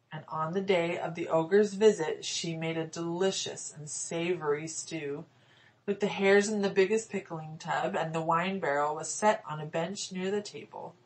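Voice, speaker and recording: A woman narrating a fairy-tale audiobook in a measured storytelling manner. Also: lowish voice, rough recording. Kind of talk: scripted narration.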